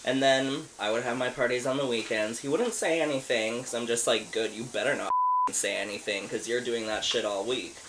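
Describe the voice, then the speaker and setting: A man's voice: mid-range voice, brisk, heavy background noise. Rambling, profane man telling a story. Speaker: podcast co-host. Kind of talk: casual storytelling.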